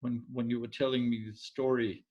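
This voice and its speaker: A man tells an old folk tale in an easygoing, conversational way. He pauses now and then to hunt for a word and lets some remarks trail off quietly. His voice sits at an ordinary middle pitch. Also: highs cut off. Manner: relaxed, searching for words, drifting into quiet asides. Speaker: storyteller. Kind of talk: casual oral storytelling.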